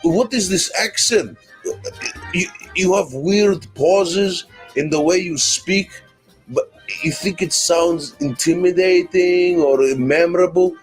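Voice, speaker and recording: A scornful, arrogant comic-book tyrant, as a man acts him out, hurling insults and grand boasts in a fan-made dub. The voice has a husky, breathy edge at a middle pitch. Faint music plays under the clip. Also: slow pace, full character voice.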